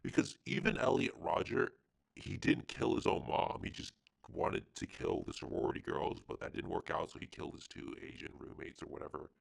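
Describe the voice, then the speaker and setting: A man's voice: normal speed, low-quality recording. A man co-hosting a podcast, chatting about films in a hesitant, crude, offhand way. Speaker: podcast co-host. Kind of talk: casual film discussion.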